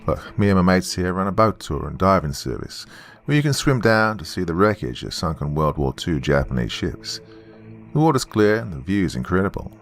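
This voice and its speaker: A man's voice: low voice, very animated, moderate pace, soft background music. A man voicing a cheerful, laid-back Australian tour guide with an Australian accent in a story reading. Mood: friendly. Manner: friendly, easygoing, says "mate".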